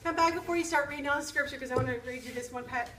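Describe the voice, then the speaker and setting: High-voiced woman preaching in an echoey room. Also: rapid-fire, fairly bright tone, distant mic. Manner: emphatic, repeats key phrases, asks the audience questions. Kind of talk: sermon. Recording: echoey room, speaker away from the mic.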